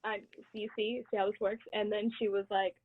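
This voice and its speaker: A young woman from the United States, co-hosting a casual chat and telling a story in a lively way, laughing often. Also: medium pitch, a little fast. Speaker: co-host. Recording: tinny phone-like line.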